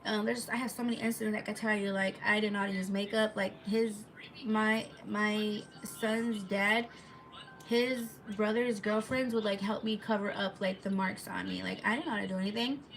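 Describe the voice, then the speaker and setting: A woman's voice: medium pitch, fairly even intonation, moderate pace, a bit bright. A woman telling a personal story to her viewers in a rambling, casual way, full of fillers and restarts, live from home on a phone. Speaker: live-stream vlogger. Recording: noisy home recording.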